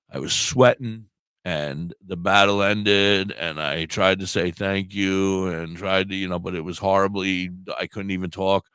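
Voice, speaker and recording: Deep-voiced man with a sore throat on a talk radio show, telling a story with swearing and acted-out dialogue. Clear, dry sound. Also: no room sound. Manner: animated, acts out quoted dialogue, swears freely. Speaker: puppeteer and live streamer.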